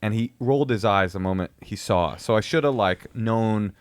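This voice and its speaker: A man's voice: on the low side, moderate pace, no room sound. Guy in his 30s riffing through a story, voices everyone in it, dry close sound. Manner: animated, acts out quotes in other voices. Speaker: comedian. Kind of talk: casual storytelling on a podcast.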